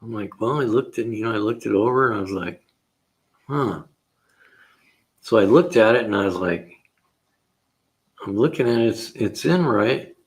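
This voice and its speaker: A man's voice: fairly low pitch, moderate pace, long pauses. An older man, a retired mechanic hosting a car repair show, telling rambling shop stories in a casual way, chuckling and acting out his own lines.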